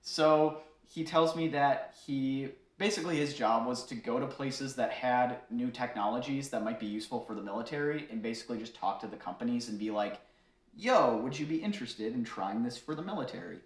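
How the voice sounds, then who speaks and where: A man recounting a story from behind the bar in an easy, chatty way, full of fillers and quick laughs. His voice sits at an ordinary middle pitch. The sound carries a roomy echo. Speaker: bartender telling a story to viewers. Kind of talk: casual storytelling.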